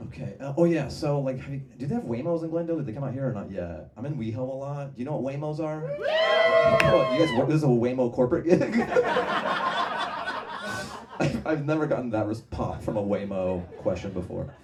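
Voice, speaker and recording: A man's voice: mid-range voice, animated, fairly quick, reverberant, crowd noise. A man doing a stand-up comedy set on a club stage, rambling through tangents and laughing at his own jokes. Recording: distant mic, noisy live room.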